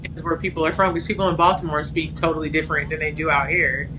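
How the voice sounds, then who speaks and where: A woman's voice: low-pitched, level tone, quick pace, background noise. A woman from California with a West Coast accent, a writer guest speaking candidly and hesitantly in a casual interview. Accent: West Coast American. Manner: candid, frank, hesitant with many ums.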